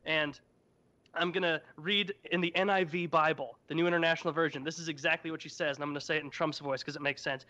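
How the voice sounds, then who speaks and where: A man's voice: a little high, a little fast, sharp tone. A young man co-hosting a podcast, retelling a story in an irreverent, profane, joking manner. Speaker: podcast co-host. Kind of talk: casual comedic storytelling. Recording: dull lo-fi podcast audio.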